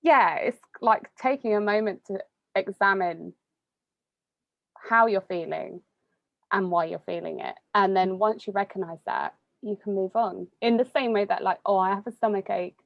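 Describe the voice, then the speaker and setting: A woman's voice: medium pitch, a little slow, creaky, dry recording. Chatty young woman, dry muffled sound. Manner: chatty, laughs often, many fillers. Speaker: interviewee. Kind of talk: casual conversation.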